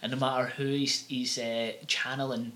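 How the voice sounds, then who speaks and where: Scottish male co-host, young adult, bright edgy tone; rambling, sweary storyteller, background hiss. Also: mid-range voice, flat delivery, moderate pace. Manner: rambling, anecdotal, crude, swears freely. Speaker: podcast co-host. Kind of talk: casual comedic chat.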